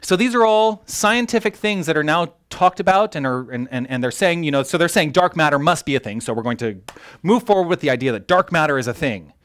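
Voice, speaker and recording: Animated male minister giving a sermon. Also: fairly high pitch, brisk. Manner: animated, self-interrupting, jokes with the congregation. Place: church hall.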